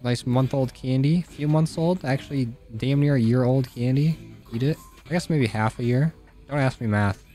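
A young man giving casual, profane commentary while playing a game, talking to the characters on screen and yelling when things go wrong. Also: medium pitch, normal speed, soft background music. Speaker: gaming YouTuber. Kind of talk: live gameplay commentary. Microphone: studio dynamic mic.

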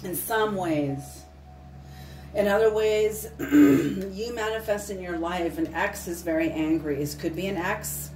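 A woman's voice: medium pitch, lively intonation, slow pace, a little hiss or hum. Woman doing a tarot reading in a roomy space. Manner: earnest, repetitive, emphatic, occasional swearing. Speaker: tarot reader. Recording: roomy, distant mic with soft music.

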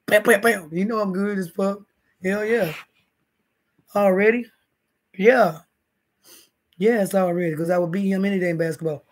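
Lying in bed indoors, a man hosts a casual livestream, rambling and swearing as he talks to viewers in the chat. His voice sits high and steady at a moderate pace, broken by long pauses.

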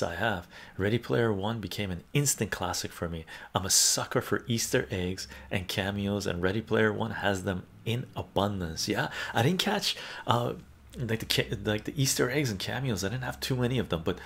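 A man's voice: lowish voice, moderate pace, vocal fry, fairly bright tone, husky. A man hosting a casual livestream about movies, reading viewers' chat aloud and answering them with lots of fillers. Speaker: livestream host.

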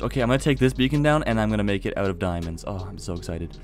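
A man giving casual let's-play commentary, excitable and chatty, talking to viewers while he plays. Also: on the low side, fast talker, faint music behind. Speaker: gaming video host.

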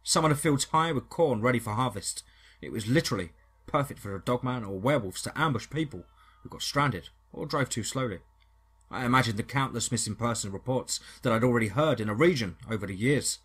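Husky man narrating a horror story. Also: mid-range voice, fairly quick. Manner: steady, dramatic storytelling.

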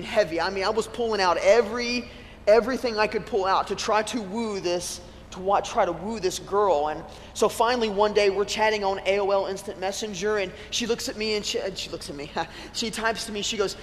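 A man's voice: high-pitched, fairly quick. A man pastor giving a sermon, talking conversationally and telling stories with self-deprecating humor. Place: church sanctuary. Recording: long church-hall reverb with faint room noise.

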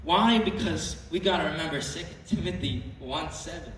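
A man's voice: fairly high pitch, moderate pace, fairly bright tone, a little hiss or hum. A man preaching a sermon in an earnest way, often repeating words and asking the congregation questions. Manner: earnest, repeats himself, asks the crowd questions. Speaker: youth preacher. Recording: echoey hall from far off with music.

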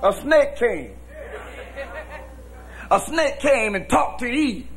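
A man preaching a sermon as pastor, shouting in a folksy preaching cadence. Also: very high-pitched, very animated, slow pace, some chatter behind. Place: church with congregation.

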